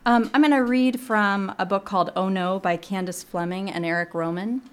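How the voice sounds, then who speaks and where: A woman children's librarian speaking as a guest on a radio show, explaining picture books gently with frequent ums. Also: mid-range voice, steady tone, moderate pace, clean tone. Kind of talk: casual radio interview, reading aloud.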